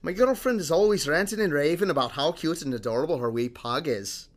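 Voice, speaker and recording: A man's voice: on the high side, lively intonation, a little fast, pitched above the performer's own voice, close to an everyday voice. A man voicing a cheeky young Scottish man with a mock Scottish accent, as an amateur impression. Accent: Scottish (put on).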